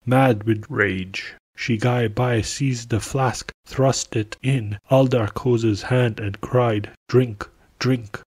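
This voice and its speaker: Slow, husky male storyteller. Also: mid-range voice, no echo. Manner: calm, measured storytelling. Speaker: podcast storyteller. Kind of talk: read-aloud folk tale narration.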